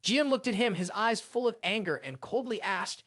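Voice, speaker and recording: A man's voice: sits high, expressive, moderate pace, fairly bright tone, no room sound, studio quality. A man narrating a fantasy story recap in a scripted, dramatic storytelling manner.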